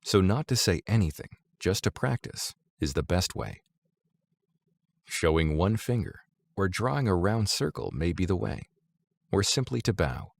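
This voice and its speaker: Deep gravelly man reading calmly. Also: measured pace, no room sound. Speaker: narrator reading Zen teachings. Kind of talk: audiobook-style reading of a spiritual text.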